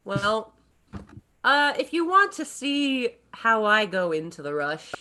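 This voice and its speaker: A woman's voice: a little high, big pitch swings, slow pace, bright, forceful tone, a little hiss or hum. A woman guest on a podcast, chatting casually and giggling.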